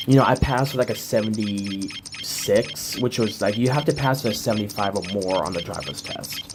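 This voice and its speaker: A man from the US telling a casual story in a rambling way, with many filler words and restarts. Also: fairly low pitch. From United States. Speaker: game streamer. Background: music.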